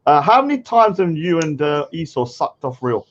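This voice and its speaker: Mocking high-voiced man, lo-fi audio. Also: very animated, normal speed, slight background noise. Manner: mocking, mimics others in high whiny voices, laughs a lot. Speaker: streamer in a heated debate. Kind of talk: heated streamed argument.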